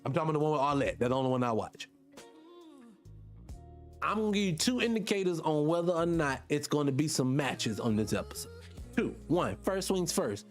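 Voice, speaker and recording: A man's voice: on the high side, expressive, fairly quick, faint music behind. Blunt preachy radio host, man. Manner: blunt, preachy, addresses listeners directly. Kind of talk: casual morning radio talk.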